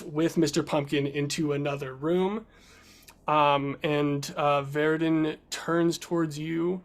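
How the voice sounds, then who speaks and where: Slightly high, rambling game master. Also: male voice, steady tone, slow. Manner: loose, filler-heavy narration. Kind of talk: narrating a tabletop game.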